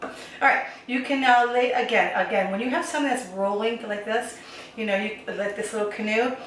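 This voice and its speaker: A fairly high-pitched, slightly bright female voice with fairly even intonation speaks at normal speed, chatting to viewers as she chops vegetables in a casual home cooking demo. There's a little hiss or hum, the kitchen is very echoey, she's far from the mic, and dishes clatter.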